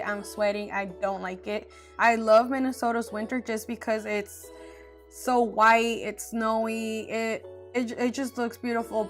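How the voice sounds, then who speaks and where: A young woman from Arizona chatting casually in a get-to-know-me Q&A, candid and chatty with frequent fillers. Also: medium pitch. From Arizona, USA. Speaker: beauty vlogger.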